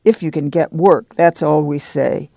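A man's voice: on the high side, unhurried, vocal fry, dark tone, no room sound. A man voicing a fierce, pious, stocky older woman with a who scolds and preaches warnings. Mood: scolding.

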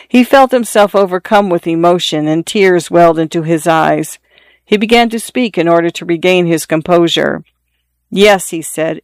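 A narrator reading a story in a measured, even way. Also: mid-range voice, dry recording. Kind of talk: audiobook narration.

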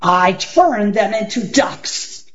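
A woman doing a slow, growling old magician. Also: medium pitch, expressive, roomy sound, highs cut off, background noise. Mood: gloating. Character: stern old male magician, menacing.

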